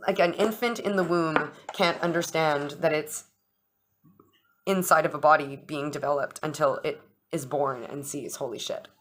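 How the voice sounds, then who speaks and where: A low-pitched young woman chats through an astrology and tarot reading. She swears freely and acts out little dialogues, with a faint hiss behind her voice. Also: fairly even intonation, moderate pace, fairly bright tone. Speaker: astrology and tarot channel host. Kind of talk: casual chat with tarot reading.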